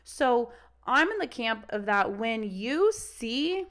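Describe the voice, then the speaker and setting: A woman's voice: fairly high pitch, sing-song, slow, fairly bright tone. A young adult woman dog trainer talking casually on a podcast, swearing freely and acting out the voices of dogs and owners.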